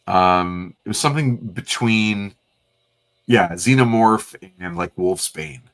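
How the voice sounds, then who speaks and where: Casting: male co-host, low voice, meandering casual chat. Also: takes it slowly, fairly bright tone. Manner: rambling, hesitant, fillers. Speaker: livestream co-host.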